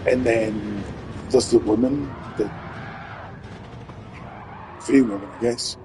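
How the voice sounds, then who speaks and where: A man streaming live, rambling and swearing through an animated monologue. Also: medium pitch, takes it slowly, noisy background.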